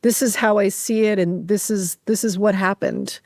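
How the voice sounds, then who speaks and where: A woman hosting an interview, reflecting emotionally in halting speech with many restarts. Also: mid-range voice, fairly even intonation, darkish tone, no echo, clean studio sound. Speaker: host. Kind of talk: casual interview talk.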